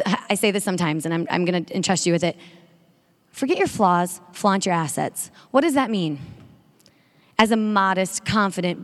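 A woman giving an energetic sermon-style talk to a women's audience, drawing call-and-response. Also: medium pitch. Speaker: speaker at a women's faith event. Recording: long reverb of a large hall.

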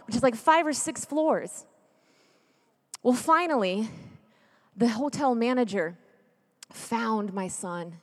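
A woman in her thirties gives a storytelling sermon in a chatty, joking way that turns earnest and hushed. Her voice sits a little high for a woman. It rings with the long reverb of a large hall. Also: takes it slowly, long pauses. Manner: lively, chatty, jokey, then earnest and hushed. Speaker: speaker at a church gathering.

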